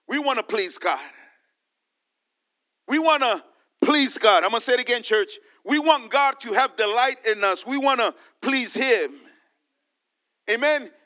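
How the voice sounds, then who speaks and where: A man's voice: very high voice, sharp tone. A man preaching a sermon as pastor, repeating his points and calling out to the church.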